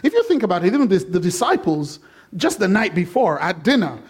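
A man with a high voice preaching in a church. He is animated and full of jokes, and slips into playful voices to act out the people in his story. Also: a little fast, slightly rough. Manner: animated and jokey, acting out quoted voices. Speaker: pastor. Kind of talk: sermon.

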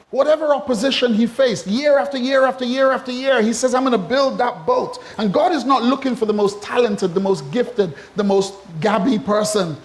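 A man preaching a sermon as a pastor, animated and humorous, with asides to the congregation and acted-out quotes. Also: high-pitched.

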